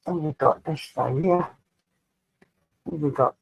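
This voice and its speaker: A man's voice: a little high, measured pace, gravelly, husky, no room sound, rough recording. An English man hosting a casual live stream from home, greeting viewers by name and chatting to them. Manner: chatty, addresses viewers by name, talks to his dog. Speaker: livestream host.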